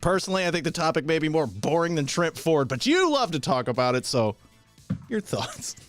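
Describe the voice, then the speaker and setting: A man's voice: a little high, very animated, fast, faint music behind. A man co-hosts a casual political talk show, keeping things moving with wry, teasing jokes. His voice rises and falls a great deal as he delivers them. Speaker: co-host.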